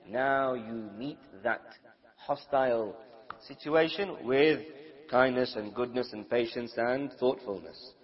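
A man's voice: medium pitch, big-room sound. Man preaching, dull lo-fi sound. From United Kingdom. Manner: asks the audience questions, acts out everyday quarrels. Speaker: Islamic preacher. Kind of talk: religious lecture to a live audience. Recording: dull lo-fi recording.

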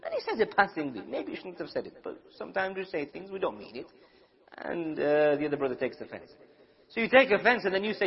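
A man gives a religious lecture and quizzes his listeners. He acts out small quarrels as he goes, in a somewhat high voice. The recording sounds dull and lo-fi. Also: big pitch swings, fast, gravelly, in a large hall. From United Kingdom. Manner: asks the audience questions, acts out everyday quarrels. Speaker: Islamic preacher. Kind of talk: religious lecture to a live audience.

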